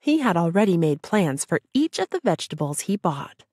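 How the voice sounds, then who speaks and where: Gentle woman narrating a children's story. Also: fairly low pitch, sing-song, moderate pace, husky, no room sound, studio quality. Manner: gentle, sing-song storytelling. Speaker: audiobook narrator.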